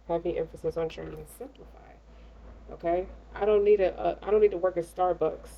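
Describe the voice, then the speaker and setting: A woman's voice: on the low side, steady tone, fairly quick, creaky, warm tone, lo-fi sound, slight background noise. A woman giving a casual tarot reading in a blunt, slangy, streetwise way. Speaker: tarot reader.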